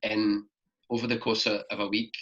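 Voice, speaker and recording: Fairly low in pitch, level in tone, and fairly bright, this young Glaswegian podcast guest speaks at normal speed. He spins travel tales in a casual, rambling way, saying "like" constantly, and the lo-fi recording sounds dull.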